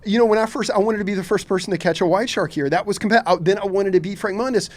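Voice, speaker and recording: This high-pitched man talks very fast. He's a fishing captain from Kentucky, rambling bluntly through a casual podcast interview, candid enough to say he has no filter and leaning constantly on "man" and "you know."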